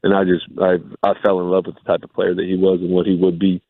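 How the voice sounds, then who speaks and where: A man's voice: sits low, monotone, fast, dry recording. Upbeat man on a tinny phone line. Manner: upbeat, laid-back, many fillers like "like". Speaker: guest, former pro football player. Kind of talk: casual radio interview. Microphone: phone call-in.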